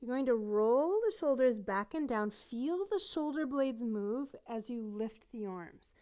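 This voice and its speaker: A middle-aged woman teaching a beginner yoga class, guiding gently and encouragingly while she demonstrates the poses, a little out of breath. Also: a little high, animated, unhurried. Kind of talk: guided yoga instruction.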